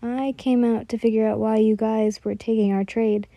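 Woman voicing a gentle, reassuring young man. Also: on the high side, level tone, normal speed, dry recording, clean studio sound, natural voice. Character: calm loyal young man from a royal court. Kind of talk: storybook reading.

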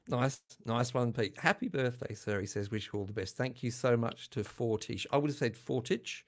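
An older man hosting a casual livestream chat, self-deprecating and quick to laugh. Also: medium pitch. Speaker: channel host.

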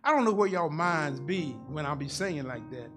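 A man's voice: fairly high pitch, lively intonation, normal speed, over music. A man in his sixties preaching a sermon as pastor, in a folksy, rhythmic style that repeats phrases and calls for responses from the congregation. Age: 60s.

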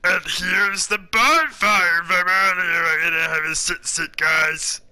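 A man with a sore throat giving excitable let's play commentary, swearing a lot and narrating his own moves. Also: high-pitched, slow. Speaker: gaming commentator. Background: game music.

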